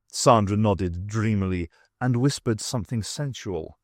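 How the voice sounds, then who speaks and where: A man narrating an unabridged audiobook in a measured, dramatic reading. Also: medium pitch, animated, darkish tone, no room sound, clean studio sound. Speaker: audiobook reader.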